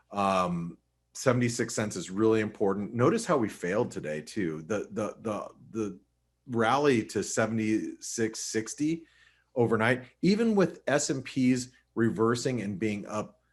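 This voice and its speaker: A man with a fairly low voice hosting a live trading webinar and walking his audience through charts. He talks casually and directly to the viewers, often restarting sentences and dropping in fillers as he thinks aloud. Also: breathy edge. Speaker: host and market analyst.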